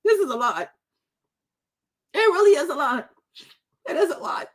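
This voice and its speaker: A high-pitched woman in her thirties hosts a commentary vlog. She talks in a tearful, emotional way. She repeats her lines again and again as she rants. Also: expressive, moderate pace. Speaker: vlog host.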